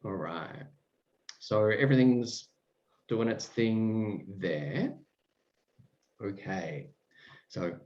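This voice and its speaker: Extremely slow, with long pauses, a fairly low and slightly mellow-voiced podcast host chats casually with a guest. His talk is effusive and meandering, packed with fillers and restarts, and the sound is roomy and dull.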